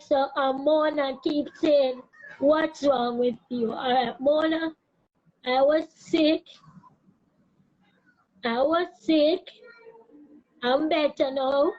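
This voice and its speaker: A woman's voice: high voice, darkish tone, highs cut off. A woman chatting on a live stream from her phone, distracted and laughing at herself. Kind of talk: casual live stream chat.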